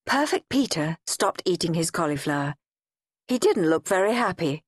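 A woman's voice: on the low side, sing-song, moderate pace, slightly rough, no echo, studio quality. A woman with an English accent narrating a comic children's book with playful, theatrical relish. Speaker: audiobook narrator. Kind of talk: expressive children's storytelling.

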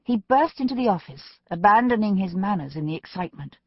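Woman audiobook narrator, measured, slightly muffled studio sound, dry. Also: medium pitch, animated, no echo. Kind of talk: scripted narration.

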